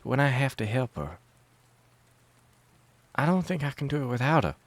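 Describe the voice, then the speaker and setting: A chatty young woman from a storybook, blunt and scheming, her voice lifting higher as she teases and swears with ease, put on by a male narrator. The sound is dry and close. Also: very animated, normal speed, no room sound, close to an everyday voice. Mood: sad. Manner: chatty, teasing, swears casually.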